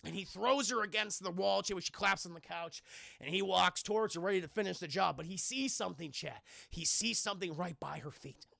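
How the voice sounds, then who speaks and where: Young male streamer, high gravelly voice, bright and excitable, profane casual recap delivery. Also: fairly quick, dry recording, clean studio sound. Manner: excitable and profane, keeps addressing the chat. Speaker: film reviewer and streamer. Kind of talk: casual scene-by-scene film recap to a live chat.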